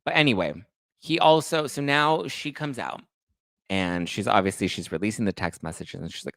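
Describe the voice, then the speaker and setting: A man hosting a podcast, gossiping about reality TV with sarcastic, animated commentary and mocking high-pitched quotes. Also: moderate pace, creaky, dry recording, studio quality. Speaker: podcast host.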